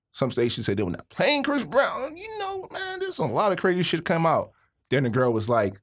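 A husky man talks on a podcast with lively swings in his voice. He is opinionated and slangy and stumbles over repeated words when he gets fired up. The delivery is casual and animated. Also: a little high, fairly quick. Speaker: podcast co-host. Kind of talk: casual chat.

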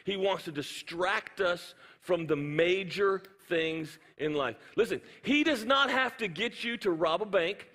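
Animated preacher in a hall. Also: male voice, high-pitched, measured pace, few pauses. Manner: animated storytelling with sound effects. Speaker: pastor. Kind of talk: sermon. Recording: hall reverb.

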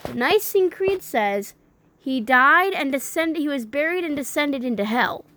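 A woman's voice: high voice, expressive, sharp tone, slight background noise. Indignant woman reading and commenting. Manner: indignant, incredulous asides; halting reading with restarts. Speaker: religious commentator.

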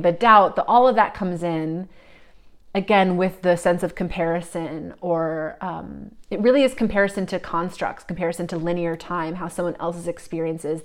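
A woman giving a psychic reading, talking in a searching, meandering way with many fillers, often drifting soft and reflective. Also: on the low side. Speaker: psychic reader.

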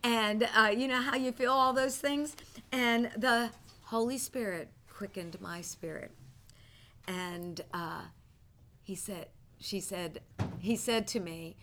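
Lively higher-voiced woman teaching a church class. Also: takes it slowly, slight background noise. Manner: animated, storytelling, breaks into laughter.

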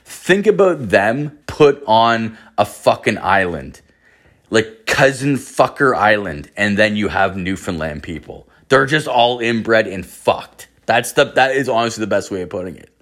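A man hosts a podcast, talking in a lowish voice. He rambles casually through his story, swearing constantly and filling it with "like". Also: lively intonation, a little slow, a bit bright. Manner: rambling, heavy swearing, lots of filler "like". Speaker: podcast host.

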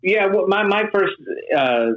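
A man co-hosting a casual film chat, amused and quick to agree. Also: high-pitched, expressive, highs cut off. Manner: amused, chuckling, eager agreement. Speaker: podcast co-host.

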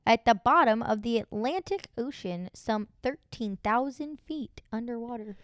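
A woman's voice: a little high, animated, a little slow, clean tone, dry recording, studio quality. A young woman hosting a casual podcast chat, giggling as she reads search results aloud. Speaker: podcast host.

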